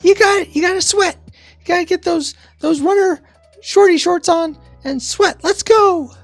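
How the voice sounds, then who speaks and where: Impression: shouty, high rock star workout coach, done by a man, faint music behind. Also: unhurried, dry recording. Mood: hyped. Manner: hyped, shouting count-offs. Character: loud pumped-up male rock star fitness coach.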